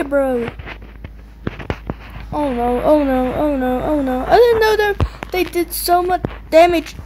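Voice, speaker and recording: A young woman giving excitable, taunting commentary while playing a video game, yelping and squealing at the action. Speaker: gamer. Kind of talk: gameplay commentary. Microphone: low-quality mic. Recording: faint noisy low-quality mic.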